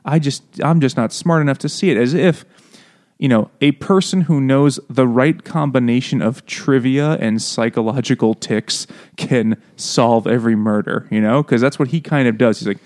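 A man's voice: mid-range voice, moderate pace, a little mellow. A man co-hosting a casual book podcast, joking and sarcastic, laughing often as he talks. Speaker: podcast co-host. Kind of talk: casual chat.

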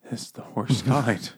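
A man co-hosting a casual chat, recapping a book with profane jokes and quick asides. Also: medium pitch, husky. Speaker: podcast co-host.

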